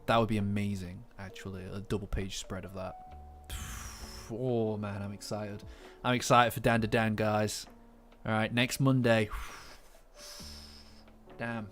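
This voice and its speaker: A man's voice: lowish voice, level tone, a little slow, pauses often, soft background music. A man hosting a live stream, chatting casually and teasing his viewers. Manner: playful, bantering with chat.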